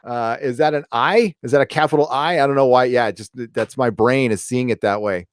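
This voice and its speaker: A man hosting a live chat show reads viewer comments and rambles casually, full of fillers, restarts and swearing. His medium-pitched voice is brisk, clear and resonant, recorded dry with clean studio sound.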